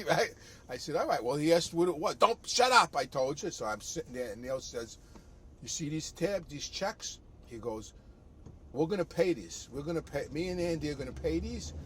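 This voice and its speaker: An older man tells a story casually, slipping into punchy quoted voices. His pitch sits in the middle, and a faint hiss runs under the recording. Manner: animated anecdote with acted quotes and laughs. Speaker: storyteller guest.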